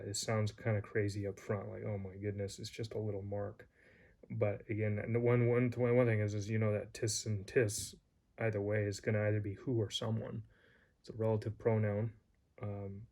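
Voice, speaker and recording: Guy with a low flat voice teaching, rambly, lots of ums and restarts. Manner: rambling, hesitant, many fillers and restarts. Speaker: Greek teacher. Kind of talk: casual spoken lesson.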